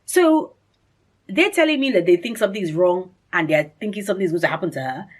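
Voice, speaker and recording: Husky-voiced woman telling a story. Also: fairly quick. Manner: animated, acts out reported speech with big pitch jumps; chatty, rambling, many fillers and restarts. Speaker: vlogger. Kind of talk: casual personal storytelling.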